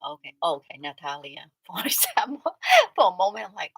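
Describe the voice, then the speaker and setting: A woman's voice: on the low side, big pitch swings, fairly quick, gravelly, breathy edge, no room sound, low-quality recording. Chatty, teasing woman. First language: Vietnamese. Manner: chatty and teasing, laughs often, reads out and reacts to viewer comments. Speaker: livestream host. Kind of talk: casual livestream chat with viewers.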